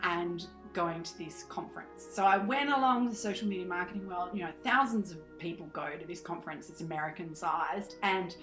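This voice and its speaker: A woman's voice: lowish voice, a little fast, few pauses, roomy sound, over music, low-quality recording. An Australian woman in her thirties, a podcast guest chatting animatedly, laughing often and acting out her past self. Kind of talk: casual interview chat.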